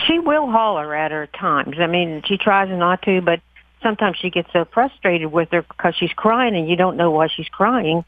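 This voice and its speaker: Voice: medium pitch, expressive, moderate pace, dry recording, narrow, tinny audio. A caller on a radio advice show, talking in a rambling, hesitant way with many fillers. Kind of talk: phone-in conversation.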